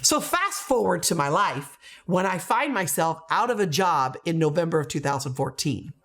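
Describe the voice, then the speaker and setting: Middle-aged American woman, former school principal; earnest storyteller with a lively, swooping delivery. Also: lowish voice, normal speed. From United States. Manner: earnest, emphatic storytelling with rising exclamations. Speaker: education company founder, former principal. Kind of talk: personal story to camera.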